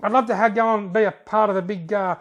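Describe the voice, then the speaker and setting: A man's voice: sits high, fairly even intonation, fast talker, muffled recording. A man with an Australian accent, joking and laughing as he reads out viewer comments on his fishing videos. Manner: jokey, laughs often, drawls words out. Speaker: fishing channel host. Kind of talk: casual chat reading out comments.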